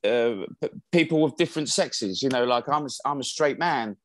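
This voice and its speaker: Man, stage actor, interview guest, rambling casual chat, mid pitch, dry close sound. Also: lively intonation, a little fast, no room sound. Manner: chatty, rambling with many fillers and restarts.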